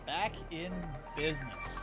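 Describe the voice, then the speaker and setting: Chatty Midwestern man, slightly high voice. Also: unhurried, loud music behind the voice. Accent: Midwestern American. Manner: chatty and self-deprecating, laughs often. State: a little tired. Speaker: streamer. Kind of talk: casual live-stream chat.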